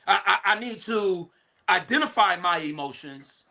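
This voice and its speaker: Animated high-voiced man preaching. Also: normal speed, gravelly. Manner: animated preaching with repeated words and restarts; addresses listeners directly, rising to shouts. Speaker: guest speaker, licensed therapist. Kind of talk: energetic spiritual teaching to a class.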